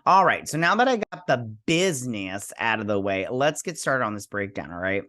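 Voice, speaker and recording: A man's voice: on the low side, sing-song, normal speed, sharp tone, no room sound, studio quality. A man hosting a casual video review, emphatic and repetitive, saying "like" a lot. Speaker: host.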